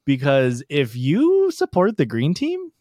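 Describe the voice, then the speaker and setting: A man's voice: fairly high pitch, huge pitch swings, slow pace, dark tone, no echo, clean studio sound. A young man co-hosting a casual podcast, teasing and playful in banter. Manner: playful, teasing, goofy bits. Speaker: podcast co-host. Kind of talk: casual chat.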